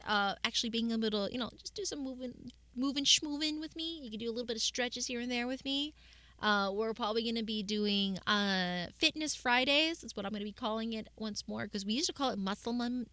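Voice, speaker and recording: A young woman streamer talks to her chat in a loose, rambling way, full of ums and restarts. Her voice is bright and forceful. The sound is dry and close, with no room around it. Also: mid-range voice, dry recording. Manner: chatty, rambling with many fillers and restarts. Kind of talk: casual chat with viewers.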